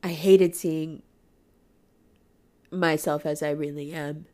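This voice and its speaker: A woman's voice: sits low, fairly even intonation, slow pace, dark tone. Raw, emotional woman swearing freely. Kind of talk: candid personal monologue.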